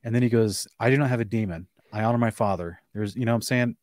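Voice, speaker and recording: A man hosting a casual live-streamed discussion, reading scripture aloud in between quick restarts and short chuckles. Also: lowish voice, darkish tone, no room sound, clean studio sound. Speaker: host.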